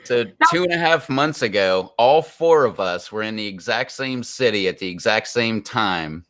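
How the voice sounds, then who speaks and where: A man's voice: lowish voice, lively intonation, moderate pace, a bit bright. A man streaming and chatting casually with friends, laid-back and rambling. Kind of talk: casual chat on a live stream.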